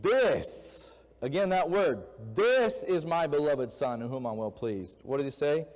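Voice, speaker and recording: A man's voice: a little high, animated, a little slow, darkish tone. Man preaching in an echoey church. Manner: conversational, asks the congregation questions. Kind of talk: sermon. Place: church sanctuary.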